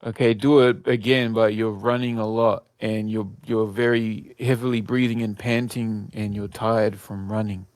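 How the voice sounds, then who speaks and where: A man's voice: on the low side, level tone, moderate pace, few pauses, a little mellow, no room sound. A man testing an AI assistant, giving insistent, casual instructions and often restarting his sentences.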